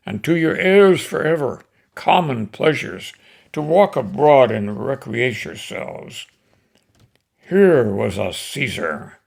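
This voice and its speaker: A man's voice: medium pitch, creaky, breathy edge, voice pushed up, heavily acted. A man reading the part of a grieving Roman orator, declaiming to stir a crowd. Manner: impassioned, declamatory.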